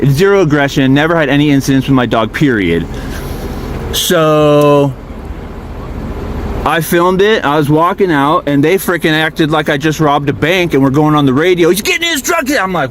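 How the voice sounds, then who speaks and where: A man's voice: on the high side, slight background noise. Agitated, profane man venting in his vehicle. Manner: fast, profane, aggrieved storytelling. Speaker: RV park guest filming a police encounter.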